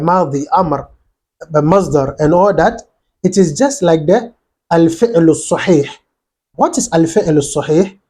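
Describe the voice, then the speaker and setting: A man's voice: high voice, warm tone. A man teaching an Arabic grammar lesson, reading short lines from a text and explaining them step by step, now and then drilling letter sounds aloud. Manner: reads short quotes then explains them in simple steps.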